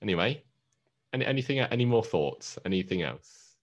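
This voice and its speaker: A man's voice: on the low side, big pitch swings, normal speed. A man co-hosting a podcast in casual chat, joking and tripping over words with a laugh. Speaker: podcast co-host.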